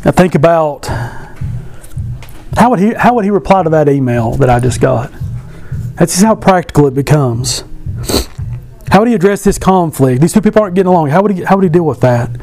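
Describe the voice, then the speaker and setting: A man's voice: a little high, animated, brisk, long pauses, a little mellow, faint music behind. A man giving a casual devotional talk to a Bible class, asking many rhetorical questions and adding joking asides.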